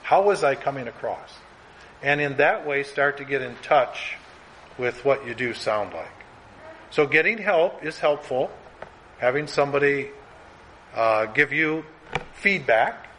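A man teaching a class in a classroom. He talks in an earnest, conversational way, now and then quickening as he acts out an example. His voice sits in the middle range, with a faint background hiss. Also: medium pitch, expressive, a bit bright, poor audio. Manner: earnest, conversational, speeds up when acting out examples.

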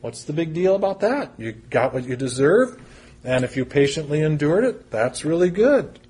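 A man's voice: a little high, sing-song, moderate pace, a little mellow, slightly rough. A man preaching a sermon, reading scripture aloud and explaining it in an earnest, conversational way. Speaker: pastor.

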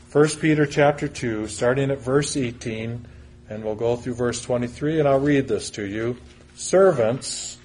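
A man's voice: medium pitch, a little mellow, a little hiss or hum. A man preaching a sermon, reading scripture aloud and explaining it in an earnest, conversational way. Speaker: pastor.

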